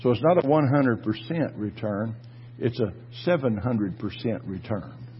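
A man preaching a fervent sermon, swinging between quiet asides and loud exhortation. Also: mid-range voice, a little slow, dull audio, a little hiss or hum. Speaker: pastor.

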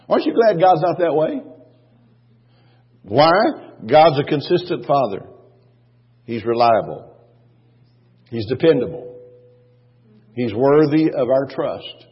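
Husky-voiced man preaching in a reverberant hall. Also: medium pitch, very animated, slow pace, pauses often. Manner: emphatic preaching with repetition and rhetorical questions. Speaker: pastor. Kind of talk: sermon. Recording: dull, long church-hall reverb.

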